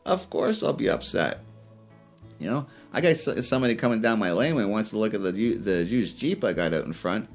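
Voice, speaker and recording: A man's voice: on the low side, expressive, fairly quick, faint music behind. A man hosting a fishing podcast, rambling and heated, with many fillers and restarts. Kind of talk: casual opinion rant.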